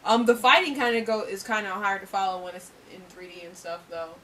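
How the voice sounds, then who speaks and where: A woman co-hosting a casual movie review chat, gushing and trailing off softly. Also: mid-range voice, fast talker, recorded from a distance, a little hiss or hum, low-quality recording. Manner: gushing, trails off softly, bursts into loud impressions. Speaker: co-host of a movie review show. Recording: voice from away from the mic.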